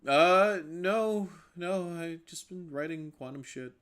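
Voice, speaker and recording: A man's voice: high-pitched, slow, fairly bright tone. A man co-hosting a podcast, chiming in with brief, laid-back replies in casual chat. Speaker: podcast co-host.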